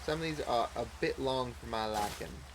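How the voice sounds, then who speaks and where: A man's voice: mid-range voice, moderate pace, noisy background. A man giving casual, rambling gameplay commentary as a let's play host, thinking aloud as he goes.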